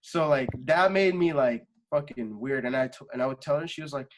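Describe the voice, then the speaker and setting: A young man in a relaxed interview, his voice sitting in an ordinary middle range. He rambles, leans on fillers and swears often, as if talking with a friend. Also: medium pitch, a little fast, a little hiss or hum. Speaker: podcast guest, singer. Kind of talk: casual interview chat.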